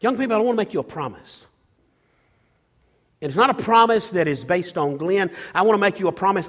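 A man's voice: high-pitched, expressive, brisk, long pauses, fairly bright tone. A middle-aged male pastor preaching a sermon to teenagers, emphatic and repetitive, often restarting phrases as he builds each point. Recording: long reverb of a large hall.

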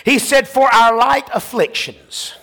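A man preaching a sermon as pastor, impassioned, rising to shouts and repeating his phrases. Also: very high-pitched, a little slow, vocal fry, long reverb tail.

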